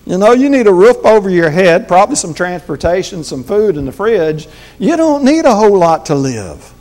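A man's voice: sits high, very animated, a little fast, darkish tone. An older man, a pastor, preaching a folksy, conversational sermon with frequent stammered restarts.

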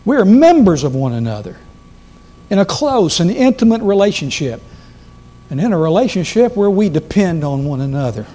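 A man's voice: fairly high pitch, dark tone. A man preaching a sermon to a congregation, reading scripture with strong emphasis. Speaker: guest preacher. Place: church sanctuary.

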